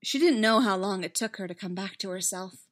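A woman narrating a fan-fiction story aloud in an expressive, dramatic reading. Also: mid-range voice, brisk.

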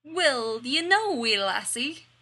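A woman reading the lines of a wisecracking teenage high school boy. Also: sing-song, slow, bright, forceful tone, heavily acted. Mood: joking.

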